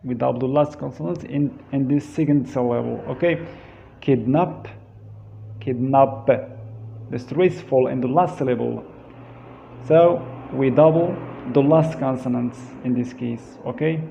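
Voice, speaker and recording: A man teaching an English grammar lesson, repeating each verb form slowly and switching into Darija to explain. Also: mid-range voice, gravelly, warm tone, slight background noise. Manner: drills word forms slowly, repeating each one. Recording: dull, lo-fi sound.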